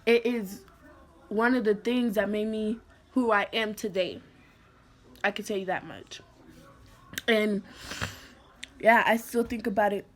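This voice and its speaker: A young woman vlogger telling a personal story in a somber, halting way, full of "like" fillers and restarts. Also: mid-range voice, fairly even intonation. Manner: somber, emotional retelling. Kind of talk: storytime vlog.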